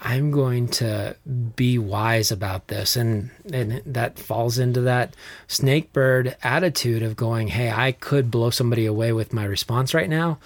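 A man co-hosting a casual Christian podcast, animated and quick to laugh. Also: medium pitch, dry recording. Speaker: podcast co-host.

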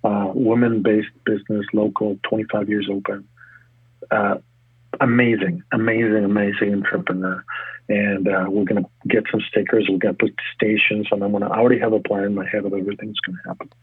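A gym owner and fitness coach speaks with energy and casual ease in an interview, often breaking off to restart his sentences quickly. His voice is on the low side with a breathy edge, over soft background music with no echo on a tinny, phone-like line.

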